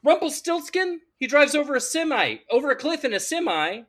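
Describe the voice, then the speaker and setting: A man's voice: very high-pitched, sing-song, fairly quick, a bit bright. A man arguing the defense on a podcast in a playful, mock-lawyerly, grandiose way. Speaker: defense in a mock movie trial. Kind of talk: casual podcast debate.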